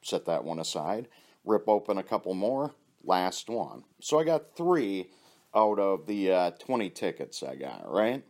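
A man with a very low, deep voice spins loose, rambling stories in a casual, offhand way. He swears freely and chuckles at his own jokes as he goes. The tone is relaxed and conversational, as if talking to a friend. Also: measured pace. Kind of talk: casual storytelling.

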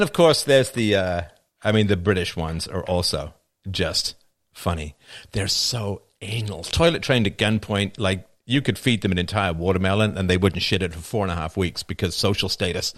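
A man hosting a live stream, riffing through a casual comedic monologue and laughing at his own jokes. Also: low-pitched. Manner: animated, joking, often laughing at own jokes.

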